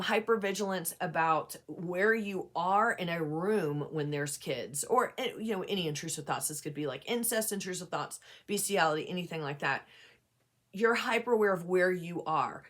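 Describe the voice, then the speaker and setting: A woman's voice: fairly low pitch, normal speed, fairly bright tone. A woman giving a casual, candid talk to camera about anxiety, earnest and validating, sometimes acting out a worried inner voice. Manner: earnest and candid, acts out anxious inner voice, frequent fillers. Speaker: mental health advocate and peer support specialist.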